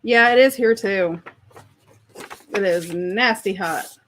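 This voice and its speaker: A woman's voice: medium pitch, slow, fairly bright tone, slight background noise. A woman hosting a casual craft livestream from home, chatting with viewers and reading their comments aloud. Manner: chatty, friendly, laughs easily, reads viewers' comments aloud. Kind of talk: casual chat with live viewers.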